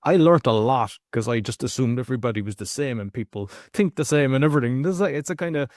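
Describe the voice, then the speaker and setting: A man's voice: mid-range voice, expressive, fast, darkish tone, dry recording. An Irish man hosts a podcast in an ordinary mid-range voice, talking loosely and wandering into asides. The recording is dry and close. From Ireland. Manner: informal, rambling asides with fillers. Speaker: podcast host. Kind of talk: casual podcast interview.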